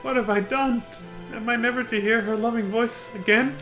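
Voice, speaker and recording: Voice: mid-range voice, fairly even intonation, moderate pace, a bit bright, faint music behind, natural voice. A streamer voicing a heartbroken young lover from a stage play in a game, reading his old-fashioned lines in a theatrical way. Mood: despairing.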